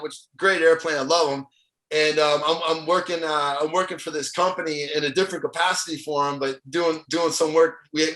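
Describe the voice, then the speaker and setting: A middle-aged man from Ohio with a fairly high, bright, forceful voice tells stories as a podcast guest. His delivery is animated and casual, often breaking into chuckles, and the recording sits in an echoey room. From Ohio, USA. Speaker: motivational speaker, podcast guest. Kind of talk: casual storytelling interview.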